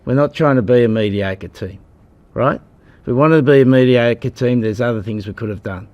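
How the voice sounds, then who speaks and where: At a press conference, an Australian rugby head coach in his sixties answers bluntly and combatively, calling people "mate." His voice is mid-range and moderately paced, and the recording sounds muffled.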